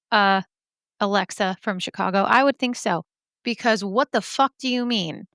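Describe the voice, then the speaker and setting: A woman's voice: mid-range voice, a bit bright, dry recording, clean studio sound. A woman hosting a podcast, chatting casually and candidly about listener stories, swearing freely and laughing at herself. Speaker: podcast host. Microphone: podcast microphone.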